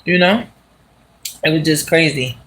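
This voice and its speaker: A vlogger casually retelling a movie plot while walking outdoors, talking in an animated, slangy way and laughing as they go. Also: medium pitch, measured pace. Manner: animated, slangy, laughs as it talks, asks "you understand?". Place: outdoors on city streets.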